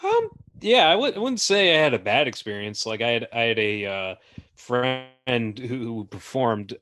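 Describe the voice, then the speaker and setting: A man's voice: mid-range voice, sing-song, normal speed, a bit bright, no echo, clean studio sound. A man hosting a podcast, chatting casually about films with frequent fillers and restarts. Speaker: podcast host. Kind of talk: casual film discussion.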